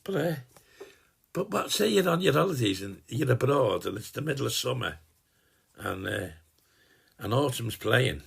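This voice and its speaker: An old man playing Jim Royle, gravelly and husky. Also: medium pitch, animated, normal speed, long pauses, a bit bright, heavily acted. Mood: jokey. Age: 80s. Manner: rambling and chatty, swears casually, trails off and restarts. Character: gruff, cheeky old working-class dad, all-knowing boaster. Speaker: sending a personalized Christmas video greeting. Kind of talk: rambling in-character comic monologue.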